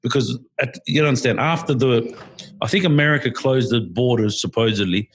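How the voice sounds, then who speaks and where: Husky Australian man, rambling podcast chat. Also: medium pitch, fairly quick. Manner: animated, rambling storyteller. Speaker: podcast co-host. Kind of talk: casual chat.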